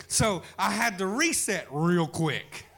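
A man's voice: high voice, lively intonation, takes it slowly, creaky, fairly bright tone. A man preaching a sermon, telling a folksy story as pastor.

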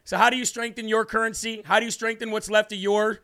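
High-voiced, gravelly political talk host. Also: male voice, flat delivery, fast talker, pushed and bright. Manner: combative, mocking, opinionated. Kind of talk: political talk show commentary.

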